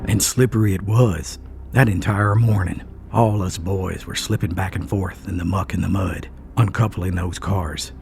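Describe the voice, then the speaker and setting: A man's voice: low-pitched, steady tone, normal speed, vocal fry, noisy background. A man narrating a first-person story in an earnest, dramatic way.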